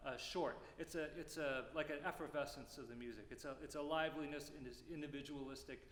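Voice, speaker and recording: A man teaching a music clinic, explaining phrasing and singing rhythms aloud with lively syllables. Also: a little high, fast talker. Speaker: percussion clinician. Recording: roomy hall reverb, faint noise.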